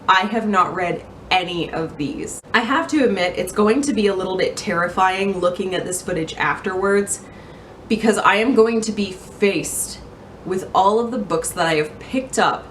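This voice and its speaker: A young woman book vlogger chatting to camera at home among her bookshelves, self-mocking and quick to laugh. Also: mid-range voice, a bit bright, slight background noise. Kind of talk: casual chat to camera. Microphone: camera mic.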